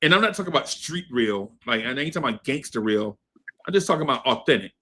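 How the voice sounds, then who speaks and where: A man's voice: mid-range voice, expressive, fast talker, sharp tone, breathy edge. A man in his fifties telling a story in a laid-back podcast chat, laughing often and asking "right?" after his points. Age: 50s. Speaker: podcast co-host. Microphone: streamed podcast mic.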